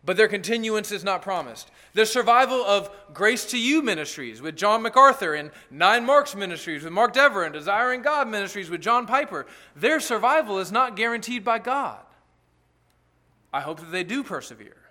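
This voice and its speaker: A man's voice: high voice, expressive, moderate pace, sharp tone. A man preaching an earnest, emphatic sermon as pastor, with asides to the congregation.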